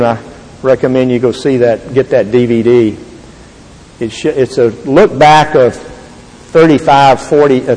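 An older man giving an earnest, halting Christian testimony to an audience. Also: mid-range voice, a little mellow. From Texas. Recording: long reverb of a large hall.

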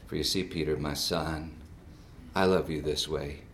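A man voicing God speaking quietly to him as a loving father. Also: steady tone, a little hiss or hum. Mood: tender. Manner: low, slow, hushed speaking. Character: God as a gentle, grieving father.

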